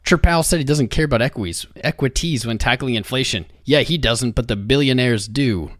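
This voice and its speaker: A man's voice: mid-range voice, fairly quick, no room sound, clean studio sound. A young man hosting a crypto livestream, talking restlessly to his chat while he searches for something.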